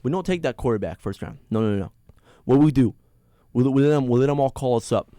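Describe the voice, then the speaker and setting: Brief: male sports podcast host, excitable solo rant, mid-pitched voice, dry close sound. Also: fast talker, no echo. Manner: excitable and rambling, with many restarts.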